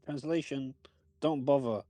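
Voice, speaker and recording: A woman doing a dry, low sardonic character. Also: a little slow, mellow, dry recording. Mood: wry.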